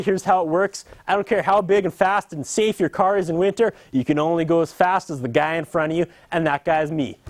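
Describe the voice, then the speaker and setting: A man's voice: high voice, no echo. A man in his thirties delivering a sarcastic, mock-apologetic comedy monologue as host.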